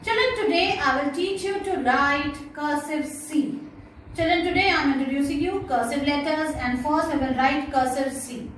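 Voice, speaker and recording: A woman with a fairly high voice leads a kindergarten lesson. She draws out each letter sound slowly and keeps repeating words. She calls out to the children often, guiding them step by step. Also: fairly bright tone, a little hiss or hum, rough recording. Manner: slow, drawn-out phonics sounds. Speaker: kindergarten teacher. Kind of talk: classroom lesson.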